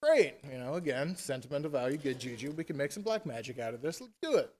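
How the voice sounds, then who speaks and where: A man's voice: mid-range voice, lively intonation, fast talker, darkish tone, long reverb tail, close to an everyday voice. A man voicing a scheming little male imp who bargains offhandedly. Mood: pleased, bargaining.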